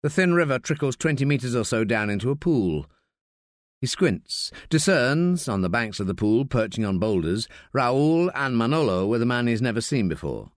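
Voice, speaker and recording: A man reading an audiobook as narrator, measured and expressive. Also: medium pitch, dry recording, clean studio sound. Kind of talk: scripted narration.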